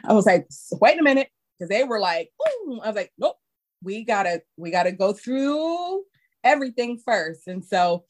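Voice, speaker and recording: Animated woman telling a lively story. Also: moderate pace. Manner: animated, acts out quotes in high squeals. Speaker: guest; childcare teacher. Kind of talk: casual storytelling chat.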